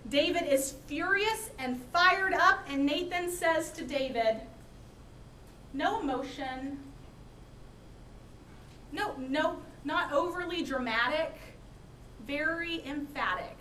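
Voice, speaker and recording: A woman pastor preaching a sermon in a church, with lively, dramatic storytelling. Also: sits high, unhurried, reverberant, recorded from a distance, slight background noise, poor audio. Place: church sanctuary.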